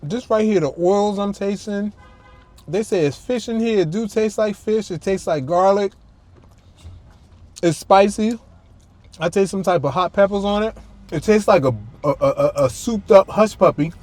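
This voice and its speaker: A man's voice: sits high, normal speed, a little mellow, soft background music. A man hosting a casual food-tasting vlog from the back seat of a parked car, chatting to viewers while he chews and hums his approval. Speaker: food vlogger host. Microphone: camera-mounted mic, a little far off.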